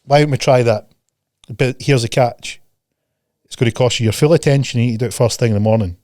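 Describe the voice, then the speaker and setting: A man's voice: mid-range voice, quick pace, a little mellow, no room sound, clean studio sound. A man hosting a podcast in a casual chat, ranting bluntly and profanely and mocking people with put-on voices. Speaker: podcast host.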